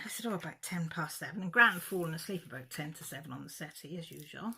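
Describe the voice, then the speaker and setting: A woman's voice: deep voice, fast talker, creaky, pushed and bright, husky. A middle-aged woman telling a rambling, chatty story about her pets in a casual vlog. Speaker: craft vlogger. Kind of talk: casual chat.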